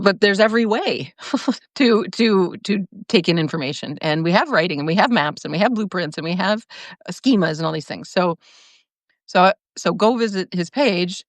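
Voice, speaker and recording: A woman's voice: lowish voice, no echo. A woman hosting a casual livestream, talking in a rambling stream of consciousness with restarts and frequent laughter. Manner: many restarts and fillers. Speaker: podcast host.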